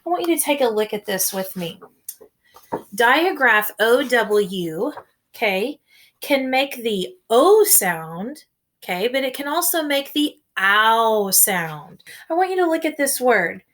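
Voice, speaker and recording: A woman teacher with a Midwestern American accent and a fairly high voice walks first graders through a phonics lesson. She speaks slowly and clearly, encouraging young children and drawing out each sound. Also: big pitch swings, fairly bright tone. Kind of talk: recorded remote phonics lesson.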